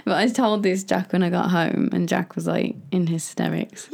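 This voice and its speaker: Young woman, gravelly, lowish voice, chatty storyteller who laughs a lot; podcast co-host. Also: fairly even intonation, normal speed, darkish tone. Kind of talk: casual chat.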